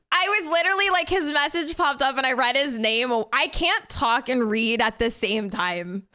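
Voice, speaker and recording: Woman streamer, casual and giggly, clear bright tone. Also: high-pitched, a little slow. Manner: giggly, rambling and chatty. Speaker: game streamer. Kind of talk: casual live-stream chat.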